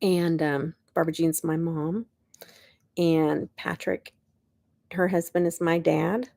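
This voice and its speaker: A woman's voice: low-pitched, little pitch movement, slow pace, creaky, warm tone, no echo. Bubbly middle-aged lady doing a makeup live from bed, dry close sound. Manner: chatty and bubbly, laughs often, greets viewers by name. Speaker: beauty YouTuber. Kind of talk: casual live-stream chat. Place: bedroom, in bed.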